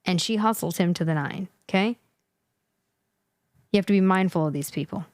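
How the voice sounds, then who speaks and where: A woman's voice: lowish voice, normal speed, dry recording, studio quality. A woman hosting a live reaction stream, scolding and talking straight to her viewers. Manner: animated, scolding, talks to viewers. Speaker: livestream host. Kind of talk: reaction commentary to a chat.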